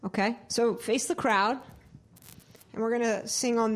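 A woman's voice: a little high, steady tone, unhurried, soft background music. A woman who directs a choir, teaching a live group how to sing vowels, asking questions and singing short demonstrations. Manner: interactive, asks the group questions.

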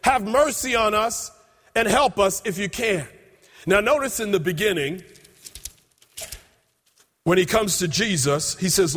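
A man preaching a sermon, telling a scripture story with emphatic, drawn-out quotes. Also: high-pitched, a bit bright. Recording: long reverb in a large hall.

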